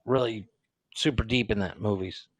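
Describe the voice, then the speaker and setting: A man co-hosting a comedy podcast, bantering crudely and laughing loudly at his own jokes. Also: fairly low pitch, normal speed, dry recording. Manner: loud laughing, jokey. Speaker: podcast co-host.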